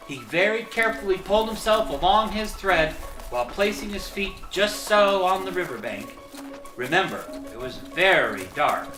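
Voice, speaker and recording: A narrator reading a children's storybook aloud in an expressive, lively storytelling manner. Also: medium pitch, roomy sound.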